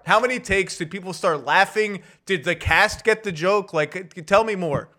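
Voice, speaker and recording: A man's voice: high voice, a little fast, few pauses, pushed and bright. Eager man asking rambling questions. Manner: eager questioner who thinks aloud while asking. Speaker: podcast host. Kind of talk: casual interview conversation.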